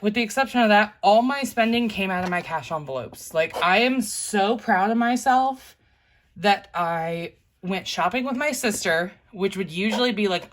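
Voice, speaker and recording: A woman vlogging casually to her viewers, counting bills out loud and chatting about her budget, often saying "you guys". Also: mid-range voice. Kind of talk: casual talk to camera while counting cash.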